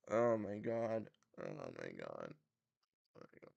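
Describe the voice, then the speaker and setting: A man hosting a sports livestream, ranting heatedly and swinging between loud outbursts and muttered exasperation. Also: on the low side, wildly swooping pitch, slow pace, vocal fry, dry recording. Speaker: sports podcast host. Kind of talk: livestream rant.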